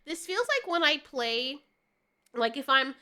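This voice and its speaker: Sputtering profane woman reviewer, super animated, high voice. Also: a little slow. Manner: exasperated, profane, laughing and sputtering. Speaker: video reviewer. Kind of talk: ranting reaction commentary.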